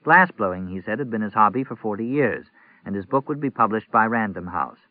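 A man narrating a novel in an even, measured reading. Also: on the low side, no room sound. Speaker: audiobook narrator. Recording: tinny phone-like audio, dry.

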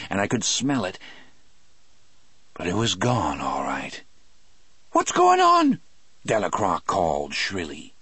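A man reading a novel aloud in the first person, expressive and shifting between slow and quick delivery. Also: lowish voice, no echo. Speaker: audiobook narrator.

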